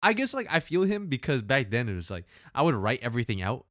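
A man's voice: medium pitch, sing-song, fast, a bit bright, no echo, studio quality. A man co-hosting a podcast, telling stories in casual chat, slangy and laughing often. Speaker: podcast co-host.

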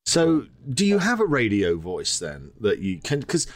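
A man's voice: medium pitch, wildly swooping pitch, measured pace, no echo, clean studio sound. A man hosting a podcast, asking questions in an enthusiastic, laid-back way and calling his guest "dude" and "man.". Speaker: podcast host. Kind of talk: casual interview chat.

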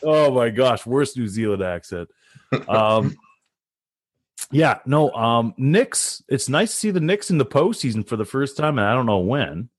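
A man in a casual sports chat, animated, laughing often and pausing with "uh" while he searches for names. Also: medium pitch.

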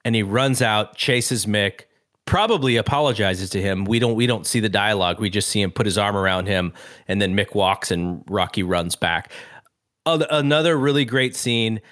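A man's voice: fairly low pitch, moderate pace, a bit bright, no room sound, studio quality. A man co-hosting a podcast, retelling film scenes at length and acting out the characters' lines in a casual chat. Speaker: podcast co-host.

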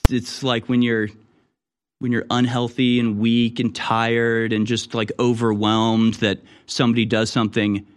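A man's voice: mid-range voice, level tone, unhurried, clean tone. A man hosting a talk show, talking casually and sarcastically, building to heated rants. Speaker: show host.

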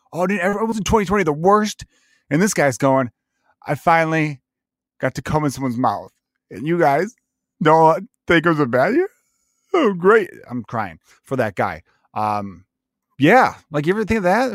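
A man riffs alone on his podcast, crude and comic, slipping into silly mocking voices whenever he quotes someone. His voice sits in a middle register. The sound is dry and close, with no room echo. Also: medium pitch. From Chicago area. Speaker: podcast host. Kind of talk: solo comedic rant. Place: home setup, remote recording.

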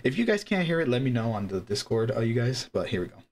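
A man hosting a casual podcast, talking quickly and steering the chat. He hands topics to his co-hosts and keeps the show moving. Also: medium pitch. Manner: fast, animated, leads the discussion. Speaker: podcast host.

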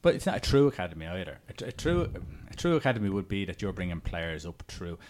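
A man's voice: low-pitched, very animated, fast, a little mellow, a little hiss or hum. Easygoing male sports podcast co-host. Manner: agreeable, chipping in with short replies. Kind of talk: casual sports chat.

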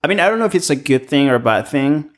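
A man's voice: a little high, expressive, fast talker. A man chatting casually, telling stories about restaurant work in a rambling way. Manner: rambling storyteller. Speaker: restaurant worker, podcast guest. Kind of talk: casual chat.

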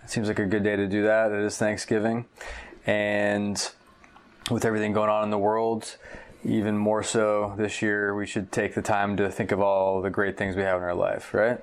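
A man's voice: lowish voice, monotone, moderate pace, clean tone. A man co-hosting a casual podcast from his couch by the fire, chatting easily and often checking in with "right?". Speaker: podcast co-host. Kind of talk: casual chat. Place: living room by the fireplace, on a couch. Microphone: old basic podcast microphone.

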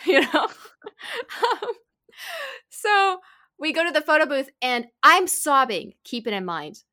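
A young woman telling a story in casual chat, animated and giggly, full of "like". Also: high voice, takes it slowly. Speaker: podcast co-host.

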